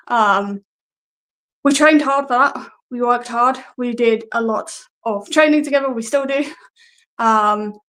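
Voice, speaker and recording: A wrestler, talking in a casual, hesitant way and often laughing at herself. Her voice sits a little high for a woman. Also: pushed and bright, low-quality recording. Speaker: guest wrestler. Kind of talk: casual interview answers.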